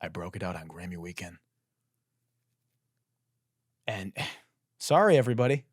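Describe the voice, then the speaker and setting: A man's voice: low-pitched, expressive, fairly quick, breathy edge, dry recording, studio quality. A young man hosting a podcast, delivering a profane, mock-dramatic comedic monologue full of boasting. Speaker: podcast host.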